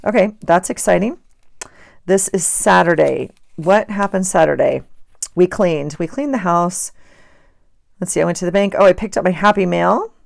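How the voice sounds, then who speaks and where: A woman's voice: on the low side, animated, moderate pace, gravelly, no room sound, studio quality. A middle-aged woman chatting casually and rambling with self-amusement while she works on her journal pages. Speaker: journaling vlogger. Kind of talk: casual chat while crafting.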